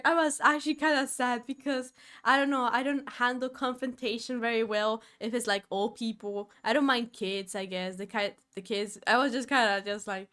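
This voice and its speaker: Woman streamer, casual storytelling, higher-pitched, swings between murmurs and loud outbursts. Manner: expressive, drops to low murmurs then bursts into loud exclamations.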